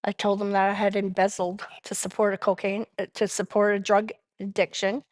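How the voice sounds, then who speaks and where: A woman's voice: mid-range voice, level tone, brisk, no echo, clean studio sound. A middle-aged woman from Canada speaking as main speaker, giving a candid recovery testimony and often checking in with the audience. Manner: candid, tag question "right?" often.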